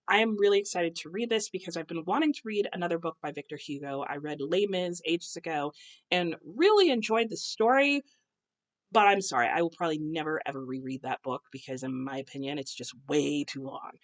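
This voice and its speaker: With her husband cooking close by, a young booktuber from the United States gives a relaxed book chat to camera. Her voice sits on the low side and moves fairly quickly, with frequent ums and self-corrections.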